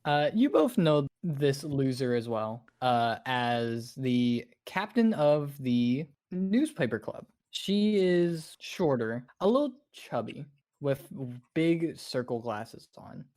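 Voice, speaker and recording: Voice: medium pitch, big pitch swings, slow pace, a little mellow. A game master narrating a tabletop horror game and asking players for rolls.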